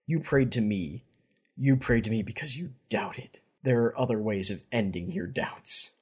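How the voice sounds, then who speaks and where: A man with a husky voice reading the lines of a mad female angel aloud, slow, quiet and cryptic. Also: medium pitch, highs cut off.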